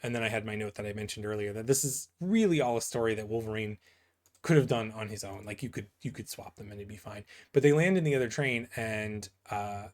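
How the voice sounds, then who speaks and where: A man's voice: lowish voice, fairly quick, darkish tone. A man giving casual, rambling commentary on comic book pages, full of fillers and asides that end in "right?". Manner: rambling, filler-heavy, keeps asking "right?".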